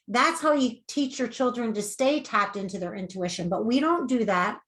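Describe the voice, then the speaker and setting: A woman coach giving earnest, animated advice in a conversational interview. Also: fairly high pitch, moderate pace. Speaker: weight-loss coach.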